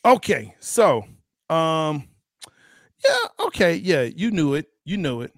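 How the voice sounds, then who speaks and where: A man co-hosting a casual sports podcast, animated and teasing, laughing often. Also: a little high, takes it slowly, no echo. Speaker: podcast co-host.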